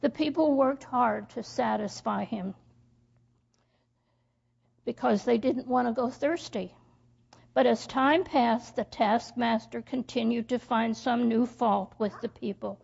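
A woman telling a children's story in church, reading slowly with slips and restarts. Her fairly high voice is full of gravelly fry. The recording is dull and lo-fi. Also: darkish tone.

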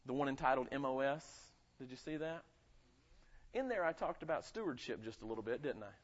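In muffled, lo-fi audio, a male pastor from North Carolina with a light Southern accent preaches briskly and animatedly at medium pitch. His sermon is conversational, peppered with requests for amens.

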